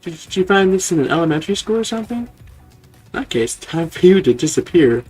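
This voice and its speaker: A man's voice: high-pitched, very animated, fairly quick, a little mellow, faint music behind, pitched above the performer's own voice. A man voicing a suspicious, hostile male Digimon, reading game dialogue aloud with scorn. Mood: menacing.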